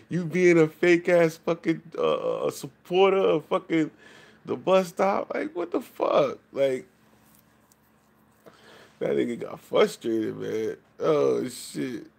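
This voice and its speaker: A man's voice: a little high, animated, slow, vocal fry, pauses often, a little mellow. A man ranting profanely to his chat on a late-night livestream. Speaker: live streamer. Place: home, at night.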